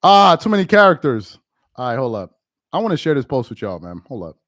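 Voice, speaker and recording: A man's voice: mid-range voice, very animated, a little fast, fairly bright tone, dry recording, studio quality. A man doing casual live-stream sports commentary, laughing often and trash-talking.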